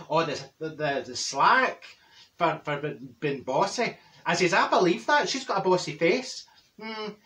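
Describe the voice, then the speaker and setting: A man's voice: high-pitched, bright, forceful tone, far from the mic. A man playing a chatty middle-aged Glaswegian woman with a Glaswegian Scottish accent, rambling through gossip full of asides and restarts in a comic monologue. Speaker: comedy character vlogger.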